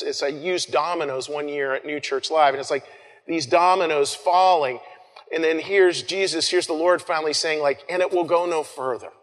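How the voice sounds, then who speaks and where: A man preaching an Easter sermon as pastor, talking conversationally with frequent restarts and soft trailing phrases. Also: a little high. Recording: long hall reverb.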